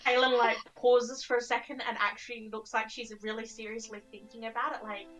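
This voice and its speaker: A woman's voice: a little high, level tone, a little fast, a bit bright, poor audio. A woman playing a tabletop game, casually describing her character's actions. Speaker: player.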